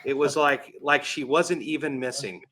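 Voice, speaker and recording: A man's voice: medium pitch, steady tone, moderate pace, bright, forceful tone. A man hosting a casual interview, joking and laughing easily. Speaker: host. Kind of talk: casual chat.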